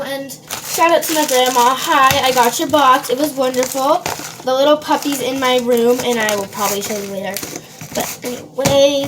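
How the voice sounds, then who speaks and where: A woman from Minnesota with a high voice chats casually to viewers while baking in her home kitchen for her vlog. She rambles and fills her speech with fillers, while dishes and cutlery clatter amid background noise.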